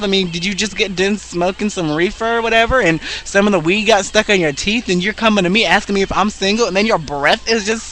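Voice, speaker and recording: A man's voice: sits high, fairly bright tone. A young man telling a story in a sassy, dramatic and profane way, gossipy and over the top. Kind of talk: casual storytelling monologue.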